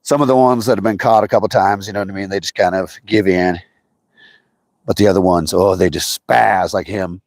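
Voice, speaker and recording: A man's voice: low voice, brisk, no room sound. A man hosting a fishing livestream outdoors, chatting casually with viewers and greeting them by name. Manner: chatty, greets viewers by name, excitable when a fish bites. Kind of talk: casual live chat while fishing. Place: outdoors by a trout stream.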